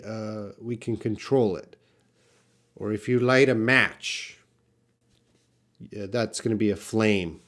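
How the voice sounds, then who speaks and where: Slow, patient male English teacher. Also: fairly low pitch, a little mellow. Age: young adult. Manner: slow, patient explaining with restarts and fillers. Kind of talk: live Q&A lesson, reading viewer questions.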